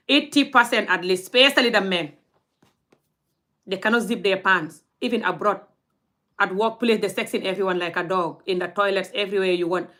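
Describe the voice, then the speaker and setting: A woman's voice: mid-range voice, fairly bright tone. A young woman, scolding her audience in a blunt, heated rant straight to camera. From Gambia. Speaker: vlogger.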